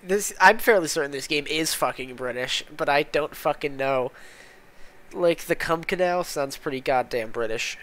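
A gaming channel host with a slightly high, fairly bright voice talks over his gameplay at a moderate pace, casual and exasperated. He swears constantly and mutters complaints when things go wrong, keeping his commentary loose and unscripted.

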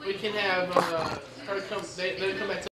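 A man giving brief, low-key replies in a casual chat at home. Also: steady tone, normal speed, over a noisy crowd, low-quality recording. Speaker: vlogger's husband.

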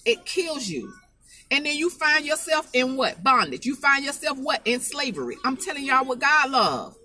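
A woman's voice: high-pitched, big pitch swings, normal speed, sharp tone, a little hiss or hum. A woman preaching an informal spoken sermon, emphatic and folksy, repeating her phrases to drive the point home.

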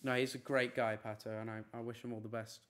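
On a live stream, a man reads his chat aloud and answers questions in a chatty, easygoing way, quickly brushing off teasing. His mid-range voice is delivered flatly.

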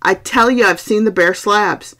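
A woman's voice: medium pitch, a little slow, pushed and bright. A woman voicing a frightened young Victorian husband who talks in an urgent, agitated way. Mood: frantic.

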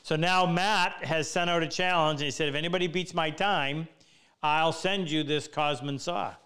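A woodworking teacher hosting a live Q&A, chatting in a self-deprecating way and rambling through anecdotes. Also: male voice, a little high, steady tone, normal speed, sharp tone, clean tone. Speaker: woodworking teacher and show host. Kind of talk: live Q&A, casual storytelling. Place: woodworking workshop.

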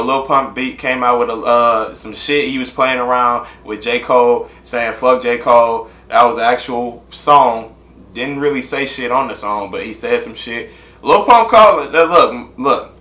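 A man chats through a casual reaction vlog in a loose, slangy, rambling style, always circling back to the same filler phrases. His voice has a bright, forceful edge at an ordinary pitch. The room around him is echoey. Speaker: reaction channel host.

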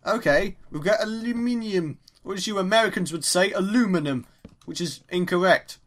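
A young man with an English accent giving chatty, excitable let's play commentary as he mines, exclaiming at each new find. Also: high-pitched, moderate pace. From England. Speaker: gaming YouTuber.

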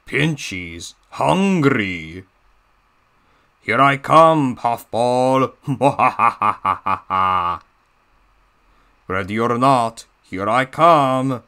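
A scheming villainous diesel engine voiced by a man growls slow, drawn-out taunts in a put-on Russian accent. The voice is gravelly and crawls along at a very slow pace. Its tone is tense and sharply bright. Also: mid-range voice, animated, exaggerated voice. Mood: menacing taunting.

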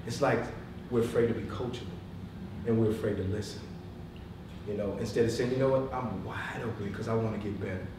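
Animated man telling stories in an echoey room. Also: fairly low pitch, brisk. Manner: lively storyteller, laughs often, shifts between loud and hushed. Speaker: motivational speaker. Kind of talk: live talk and Q&A with an audience. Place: meeting room with an audience. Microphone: far from the mic. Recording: echoey room, distant mic, room noise.

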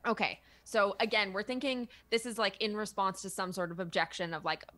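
A woman's voice: mid-range voice, steady tone, brisk, fairly bright tone. A woman hosting a casual panel discussion, chatty and full of filler words. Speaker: show host.

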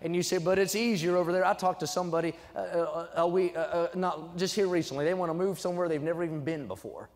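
Young guy preaching, higher voice, goes quiet then shouts it out, long church echo. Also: fast, few pauses. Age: young adult. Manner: emphatic, swings from low asides to loud exhortation. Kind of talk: sermon. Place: church sanctuary. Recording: church sanctuary with long reverb.

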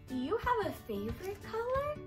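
Young woman, children's teacher, very high voice, slow deliberate pace, sing-song and encouraging. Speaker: early-years program leader. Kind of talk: children's circle-time lesson with songs.

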